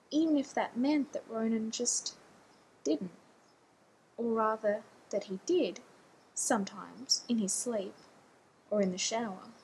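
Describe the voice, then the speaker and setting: A woman narrating a story aloud in a measured, even storytelling manner. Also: fairly high pitch, a little hiss or hum, poor audio. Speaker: audiobook reader.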